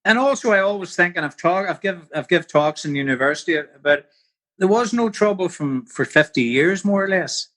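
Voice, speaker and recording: A man's voice: high voice, lively intonation, normal speed, fairly bright tone. A man in his sixties with a Northern Irish accent, a podcast guest telling vivid anecdotes in a casual interview. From Belfast.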